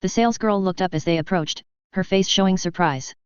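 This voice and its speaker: A woman narrating a fan fiction audiobook in an even, steady storytelling manner. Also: mid-range voice, brisk, clear, resonant tone, no echo, lo-fi sound.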